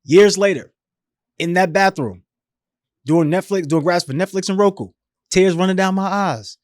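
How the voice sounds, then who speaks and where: A man in his thirties telling his life story as a podcast guest, animated and emphatic, with slangy phrasing, often acting out other people's voices. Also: high voice, moderate pace, dry recording, clean studio sound. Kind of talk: storytelling in a casual interview.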